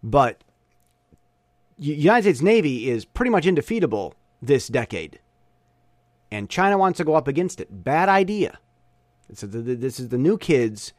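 A man's voice: medium pitch, sing-song, normal speed, long pauses, no room sound, studio quality. A young man giving an opinionated casual monologue, often stumbling and restarting his sentences.

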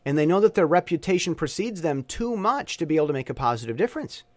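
A man talking in a casual vlog monologue, opinionated and animated, with stop-and-start rambling. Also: a little high, quick pace, dry recording. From Southern Taiwan. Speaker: vlogger.

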